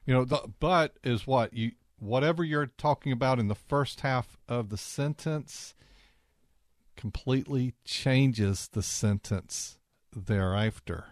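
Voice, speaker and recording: A man co-hosting a casual talk show, explaining his points in a deliberate way. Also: mid-range voice, dry recording, clean studio sound. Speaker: co-host.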